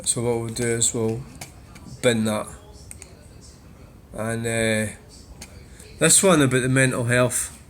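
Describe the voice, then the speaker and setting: A man's voice: mid-range voice, steady tone, slow pace, long pauses. A Scottish man hosting a vlog, bluntly and swearily reacting to viewer comments. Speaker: channel host.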